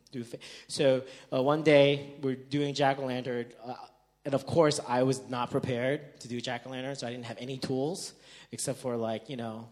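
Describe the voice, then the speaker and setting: A man preaching a sermon as a pastor, telling a story with humor and moving between loud jokes and quiet, earnest moments. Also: mid-range voice.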